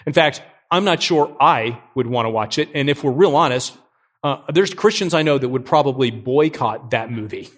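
A middle-aged man preaching a sermon as pastor, energetic and joking, often asking his listeners questions. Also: medium pitch, normal speed.

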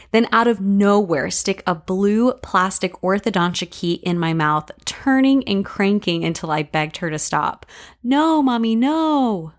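A woman hosting a podcast, telling scripted memoir stories with wry, deadpan humor. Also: fairly low pitch. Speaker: podcast host.

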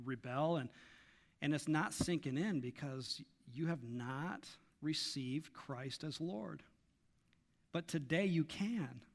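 A man preaching a sermon as pastor, emphatic and rising on key lines, then dropping to soft, intimate asides to the congregation. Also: fairly high pitch.

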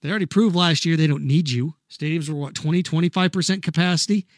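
High-voiced blunt sports talk man. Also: fast talker, no room sound, clean studio sound. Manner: blunt, sarcastic, mocks callers with put-on voices. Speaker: radio sports talk host. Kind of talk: opinionated sports talk monologue.

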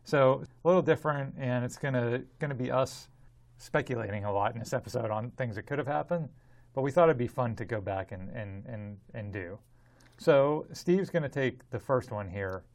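A man co-hosting a casual podcast, explaining the episode's idea in a halting way with frequent restarts. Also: mid-range voice, animated, darkish tone. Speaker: podcast co-host.

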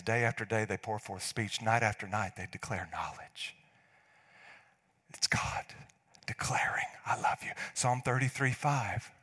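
A middle-aged man delivers a sermon from the pulpit. His voice is bright and forward, and he swings between hushed, almost whispered lines and loud, emphatic preaching. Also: mid-range voice. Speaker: pastor.

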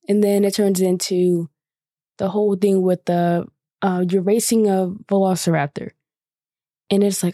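Give me a woman host telling a story casually, mellow tone, dry close recording. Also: mid-range voice, fairly even intonation, moderate pace, dry recording. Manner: rambling, lots of "like" fillers, swears freely. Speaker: podcast host.

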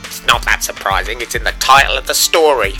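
A man's voice: medium pitch, fairly quick, sharp tone, faint music behind. A man playing a smug, pompous poet. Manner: self-important, condescending asides to listener. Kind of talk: comic storybook narration.

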